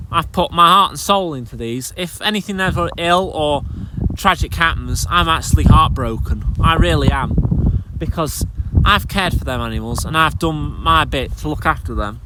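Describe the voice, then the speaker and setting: Exasperated farmer over loud noise. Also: male voice, fairly high pitch. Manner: exasperated, blunt, repeats and restarts himself. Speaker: dairy farmer. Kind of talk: angry vlog rant to camera.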